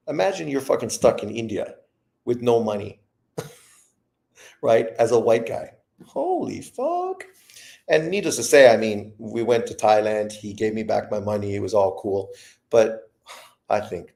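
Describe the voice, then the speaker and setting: Gravelly man in his fifties, swearing freely. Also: fairly low pitch, a little mellow. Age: 50s. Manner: profane, rambling storytelling. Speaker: boxing livestream host. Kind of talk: casual livestream chat.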